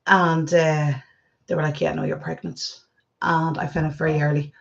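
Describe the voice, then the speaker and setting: A woman's voice: low voice, normal speed, gravelly. An Irish woman in her forties telling family stories in a casual, chatty vlog. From Ireland. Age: 40s. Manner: chatty storytelling, lively retelling. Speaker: vlogger. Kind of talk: casual chat. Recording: slightly dull lo-fi sound.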